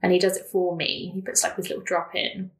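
A woman's voice: on the low side, completely flat delivery, brisk. A young woman telling stories in casual chat as a podcast guest, laughing often and full of fillers. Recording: roomy echo.

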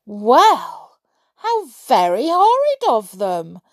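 A woman's voice: lowish voice, very animated, normal speed, a little mellow, no room sound. A woman voicing an upset little female water sprite who talks plaintively.

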